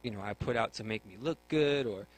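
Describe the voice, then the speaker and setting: A man's voice: lowish voice, fairly quick, rough recording. Earnest young man sharing his faith. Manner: earnest, repeats words when starting a thought. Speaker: guest sharing his testimony. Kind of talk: earnest faith testimony on talk radio.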